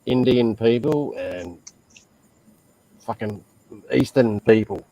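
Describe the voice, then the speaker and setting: Man, Australian accent, slow pace, blunt profane storyteller, casual stream chat. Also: medium pitch, background noise. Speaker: stream host.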